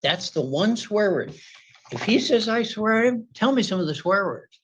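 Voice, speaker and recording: A man testifying at a court hearing, telling his side with lively acted-out quotes of shouting. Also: high voice, normal speed, lo-fi sound, a little hiss or hum. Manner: animated, acts out quoted shouting.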